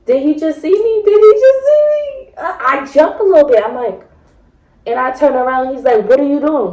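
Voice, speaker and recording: A woman telling a funny personal story in a casual, chatty way, swearing freely and adding asides to the listener. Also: medium pitch. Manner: chatty, profane, dramatic retelling with asides. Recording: roomy echo.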